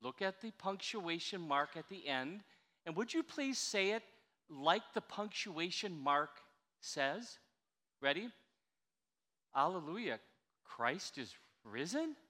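Chatty older male preacher, bright hall. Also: sits high, unhurried. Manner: chatty, animated, coaxing the congregation to respond. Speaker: pastor. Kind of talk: sermon. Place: church sanctuary. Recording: reverberant church hall.

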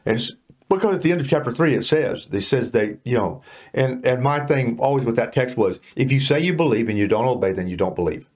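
Animated man leading Bible talk. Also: mid-range voice, fairly quick. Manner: animated, emphatic, preachy, colloquial. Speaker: Bible study co-host. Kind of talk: casual Bible discussion.

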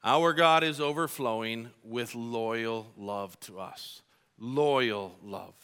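A middle-aged man preaching a sermon as pastor, earnest and animated, acting out his own frustrated outbursts when he tells stories. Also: medium pitch, slow pace, smooth.

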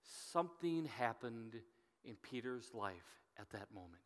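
A man's voice: medium pitch, animated, unhurried. A man preaching a sermon, telling a Bible story and reading scripture aloud with rising emphasis. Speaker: pastor. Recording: long hall reverb.

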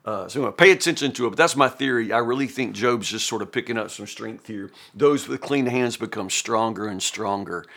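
A man's voice: on the low side, brisk, few pauses, fairly bright tone. A middle-aged man hosting a Bible reading podcast, giving casual spoken commentary while thinking aloud, with frequent restarts and "you know".

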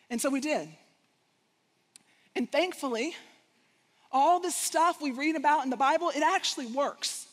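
Woman, guest speaker, storytelling sermon, animated, acts out voices, high-pitched, long hall echo. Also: unhurried, long pauses.

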